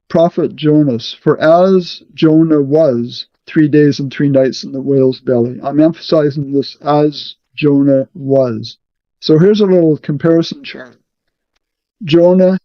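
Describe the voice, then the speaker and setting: A man with a somewhat high voice leads a Bible study, explaining verses deliberately and checking in with "okay" often. His voice sounds muffled and dry, with no room echo. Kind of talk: teaching a scripture study.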